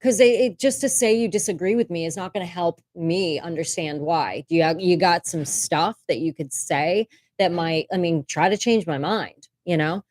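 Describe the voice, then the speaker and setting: A woman's voice: on the low side, moderate pace, few pauses, a little mellow, no echo. Candid, chatty woman livestreaming from home. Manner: candid and chatty, swears casually, laughs often. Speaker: livestream host. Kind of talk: casual livestream chat. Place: home room. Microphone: desk microphone.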